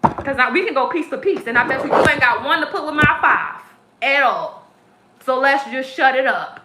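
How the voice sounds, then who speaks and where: A woman's voice: high-pitched, expressive, normal speed, very noisy. A woman tarot reader on a live stream, ranting in an aggressive, profane, preachy way. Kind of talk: live-stream spiritual rant. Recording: echoey room.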